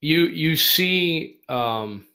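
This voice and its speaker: A man running a tabletop game as game master, talking in halting bursts with many fillers and restarts. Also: on the high side, expressive, gravelly, pushed and bright.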